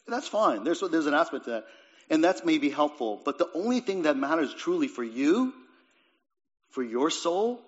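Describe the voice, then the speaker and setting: A man preaching a sermon, rising to emphatic lines and then dropping to quiet ones, often repeating words as he goes. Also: on the high side, sing-song, normal speed. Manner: swings between raised emphatic lines and quiet, dropped phrases. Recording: dull lo-fi recording.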